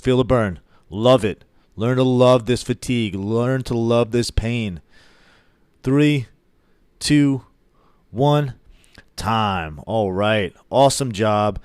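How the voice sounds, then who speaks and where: A man giving workout instructions in a voice-over, steady and encouraging. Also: medium pitch, smooth, dry recording, studio quality. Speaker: fitness coach.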